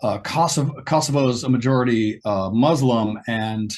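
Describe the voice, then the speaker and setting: A man being interviewed over a video call, telling lively stories and acting out the quoted lines. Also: normal speed. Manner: animated storyteller, acts out quoted lines with a higher pitch. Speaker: guest guitarist. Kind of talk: storytelling in an interview.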